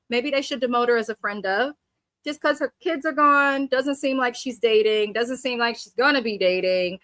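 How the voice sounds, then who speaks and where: A woman's voice: fairly high pitch, pushed and bright, no room sound. A woman live-streaming a reality TV recap, blunt and sassy, reading viewer comments aloud and mimicking cast members. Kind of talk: casual live reaction commentary.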